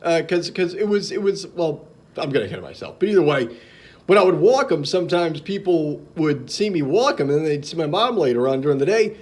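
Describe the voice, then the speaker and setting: Man, young adult, casual vlog, halting delivery, lively pitch, slightly high voice. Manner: halting, many fillers and restarts, chuckles at own jokes. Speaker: vlogger. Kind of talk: casual vlog monologue telling jokes.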